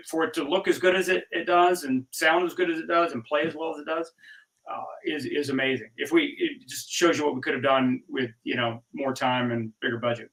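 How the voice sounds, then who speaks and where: A man's voice: a little high, gravelly, a bit bright. Middle-aged guy on a video call, laid back storyteller, sounds a bit far from the mic. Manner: easygoing storyteller, acts out dialogue. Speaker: actor guest. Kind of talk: casual interview chat.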